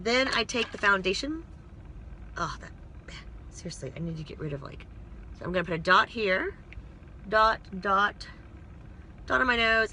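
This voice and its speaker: A vlogger films a makeup tutorial in a parked car, rambling to her phone camera and poking fun at herself along the way. She has a mid-range voice with a bright, forceful tone, and there's a little hiss or hum.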